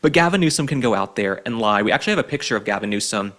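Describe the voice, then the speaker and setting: A man's voice: on the low side, lively intonation, racing, fairly bright tone. Sarcastic man hosting commentary. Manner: sarcastic, mocking, emphatic. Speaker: show host. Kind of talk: opinion commentary monologue.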